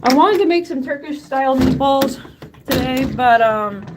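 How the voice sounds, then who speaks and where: High-voiced woman vlogging on a windy street. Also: expressive, normal speed. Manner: chatty, rambling, self-interrupting. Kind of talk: casual walking vlog. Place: outdoors in a small town on a cold evening. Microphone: handheld phone camera. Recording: loud street noise and wind.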